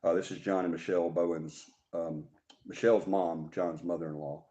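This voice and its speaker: A man's voice: sits low, little pitch movement, moderate pace, mellow, lo-fi sound. A man hosting a paranormal talk show in casual, rambling live-stream chat, joking and restarting his sentences. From Alabama.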